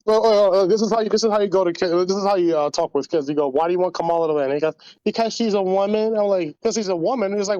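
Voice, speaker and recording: High-voiced man ranting crude on a call. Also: steady tone, racing, few pauses, mellow, dry recording, lo-fi sound. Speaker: podcast host. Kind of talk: casual podcast chat.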